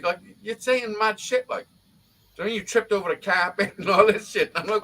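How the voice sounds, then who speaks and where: A man's voice: high voice, fairly even intonation, fast, sharp tone, low-quality recording. A middle-aged man, telling a rambling story in casual chat and swearing constantly.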